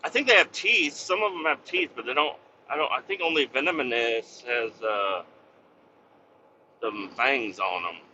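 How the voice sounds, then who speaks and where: A man's voice: mid-range voice, measured pace, pushed and bright, dull audio, slight background noise. A man hosting a podcast, talking in a casual, rambling, profane monologue full of fillers. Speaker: podcast host.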